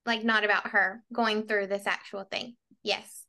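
A young woman co-hosting a book podcast, trading dry quips in casual chat and reading chapters aloud at a steady pace. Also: medium pitch, a little slow.

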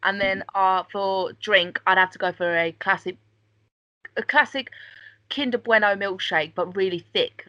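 Bright-voiced woman, lo-fi podcast. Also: on the low side, dry recording. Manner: giggly, rambling, swears casually. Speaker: podcast co-host. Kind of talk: casual banter. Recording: dull lo-fi sound.

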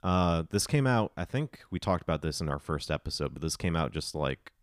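A man from Tennessee co-hosting a film podcast, chatting in a relaxed, easygoing way with many fillers. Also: low voice, a little fast, no room sound, studio quality. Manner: easygoing, laughs off flaws, trails off with fillers. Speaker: podcast co-host. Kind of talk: casual chat.

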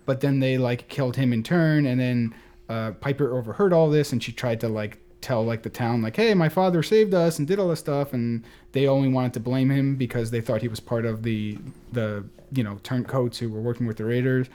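A man's voice: medium pitch, fairly even intonation, normal speed, mellow. A man chatting casually on a gaming podcast, telling a story with lots of fillers and restarts. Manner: rambling, many fillers. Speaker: podcast panelist. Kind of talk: casual chat.

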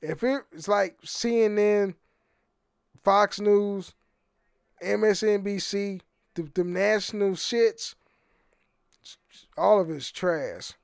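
High-voiced profane American man rambling. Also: slow pace, vocal fry, pauses often, smooth, no echo, studio quality. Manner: rambling, profane, repeats words when restarting. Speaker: podcast host. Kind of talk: casual solo podcast monologue.

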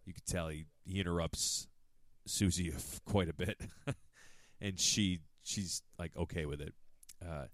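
Deep-voiced man rambling in casual chat. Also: a little slow, no echo. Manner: rambling, profane, many fillers and restarts. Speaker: podcast co-host.

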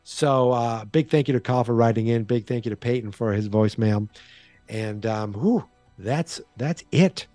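A man's voice: medium pitch, normal speed, mellow, no echo, soft background music. A man with a Boston accent hosting a solo podcast in a rambling, playful, self-deprecating way. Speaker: podcast host. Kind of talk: casual solo podcast chat.

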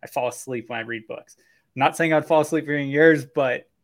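A man's voice: a little high, fairly quick. A man co-hosting a casual podcast, groping for words and saying "like" often. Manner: groping for words with many likes. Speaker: podcast co-host.

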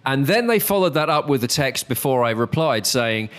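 An English-accented man hosts a podcast in easygoing chat. He talks in a dry, teasing, sarcastic way. His voice sits at a middling pitch. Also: sing-song, normal speed, hardly any pauses, a bit bright. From England. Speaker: podcast host. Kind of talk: casual chat.

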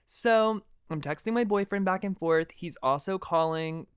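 Young man, podcast host, smooth voice, dry close sound, dramatic casual storytelling, swears a lot. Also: high voice, measured pace, dry recording. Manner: dramatic, animated and expressive; swears freely.

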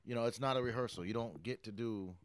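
A man's voice: mid-range voice, quick pace, slight background noise. A man in his late thirties, a hip-hop artist giving an interview, talking casually with lots of swearing and fillers. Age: 30s. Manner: profane, emphatic, rambling motivational.

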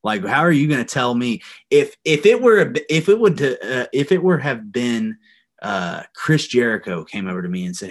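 A young adult man, once a wrestler, tells a heated story on a podcast, swearing constantly in casual, profane fashion. His medium-pitched voice has a sing-song quality and moves at a normal speed.

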